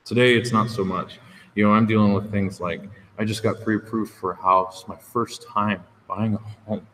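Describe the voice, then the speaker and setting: Man speaking at a recovery meeting podium. Frank, conversational testimony, fairly low voice, long reverb in the room. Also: fairly even intonation, normal speed, fairly bright tone. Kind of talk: candid personal testimony. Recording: reverberant room with faint background noise.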